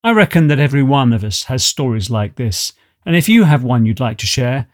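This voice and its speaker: A man's voice: mid-range voice, big pitch swings, fairly quick. A man hosting a story podcast, narrating in a conversational, inviting way. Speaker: podcast host. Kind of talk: scripted narration.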